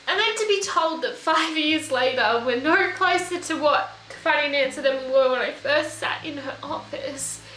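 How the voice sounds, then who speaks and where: A young woman recording a personal video diary, speaking in an emotional, halting way while tearful. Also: high voice, bright, forceful tone. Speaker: vlogger. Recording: echoey room with faint music.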